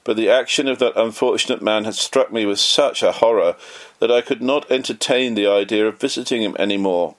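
A man reading a memoir aloud in an earnest, measured way, lightly voicing the quoted lines. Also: lowish voice. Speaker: audiobook narrator.

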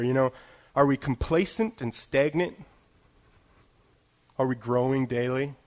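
A man preaching a sermon in a conversational way, full of "you know" fillers and self-deprecating laughs, slowing into emphatic phrases to drive points home. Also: medium pitch. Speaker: pastor.

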